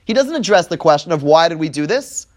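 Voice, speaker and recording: Speaking fast in a sing-song voice on the high side, a Bible teacher runs a text-study class. He reads verses out, renders them line by line, and performs the quoted speakers, explaining step by step and checking in with "right?"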